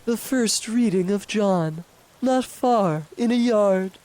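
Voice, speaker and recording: A woman voicing a cryptic, non-human app entity that speaks slowly and solemnly. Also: mid-range voice, a little mellow, voice pushed up, lightly acted, rough recording.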